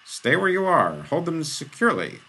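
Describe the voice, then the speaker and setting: A man voicing a hot-tempered, fawning chamberlain with a high, shrieking voice. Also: wildly swooping pitch, takes it slowly, vocal fry, a bit bright, breathy edge, heavily acted.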